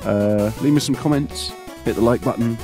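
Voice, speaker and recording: A man's voice: medium pitch, moderate pace, music in the background. A man hosting a let's play, chatting playfully and thinking aloud as he goes. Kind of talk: casual gameplay commentary.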